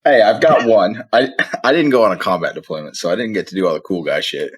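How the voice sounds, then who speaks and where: A man's voice: lowish voice, fast talker, a crowd in the background. A man talking hesitantly in a casual podcast chat.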